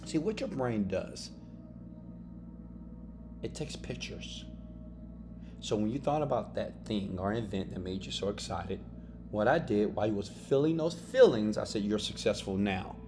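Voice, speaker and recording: Motivational teacher, male, lower voice, emphatic self-help delivery with music underneath. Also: expressive, measured pace, pauses often. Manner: emphatic, peppered with "right?" and "okay?" tags.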